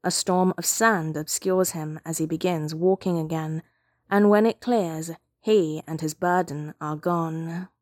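A woman reading fiction aloud as narrator, with calm, steady storytelling. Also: low voice, measured pace, no echo, clean studio sound.

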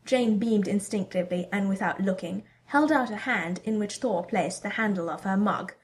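A woman's voice: mid-range voice, moderate pace, hardly any pauses. Woman reading a story aloud. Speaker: audiobook reader. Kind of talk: storybook narration of fan fiction.

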